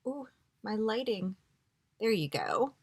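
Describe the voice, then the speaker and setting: A woman vlogger chatting casually through a beauty box unboxing, gushing and excitable with frequent gasps. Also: mid-range voice, takes it slowly, breathy edge. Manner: gushing and excitable, gasping often.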